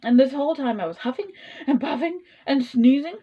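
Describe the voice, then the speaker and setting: Animated woman reading a children's story. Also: sits high, a little fast, husky, dull audio. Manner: animated, playful, asks the listener questions. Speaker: storytime reader.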